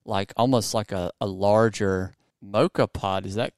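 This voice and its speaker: A man hosting a podcast in a casual chat, with a low, smooth, resonant voice. He rambles through plenty of fillers and restarts, and the sound is dry and close with no room echo. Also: fairly even intonation, measured pace, darkish tone. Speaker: podcast host.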